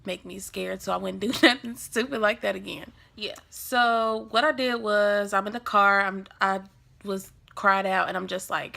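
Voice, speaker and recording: Bright, gravelly young woman telling a story. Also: mid-range voice, normal speed. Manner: animated, dramatic storytelling. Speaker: vlogger. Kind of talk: storytime vlog.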